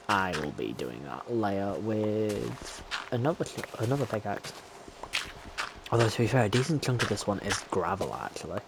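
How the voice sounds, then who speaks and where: A man whose voice sits on the low side gives himself casual, chatty running commentary over his game. He's a gameplay streamer, recorded against a noisy background.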